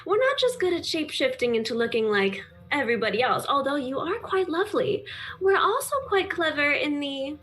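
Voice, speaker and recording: A woman's voice: high-pitched, sing-song, brisk, fairly bright tone, faint music behind, voice pushed up. A woman voicing a playful shape-shifting circus assistant with theatrical, teasing showmanship during tabletop role-play.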